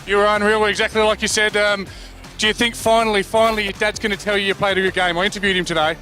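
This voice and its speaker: An Australian man with a high, bright voice, interviewing a player on the sideline after the match. He talks fast with jokey, upbeat banter. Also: flat delivery, faint music behind.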